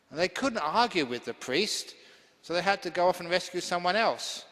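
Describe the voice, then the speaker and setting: A man's voice: high-pitched, lively intonation, moderate pace, a bit bright. A man, a Buddhist monk teacher, giving a humorous, chatty dharma talk full of stories. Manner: humorous, chatty, laughing easily. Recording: long hall reverb.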